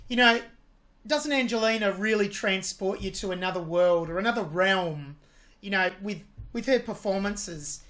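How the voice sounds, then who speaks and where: A woman's voice: mid-range voice, normal speed, fairly bright tone. A woman hosting a music reaction video, analysing a singer's vocal technique with admiring commentary.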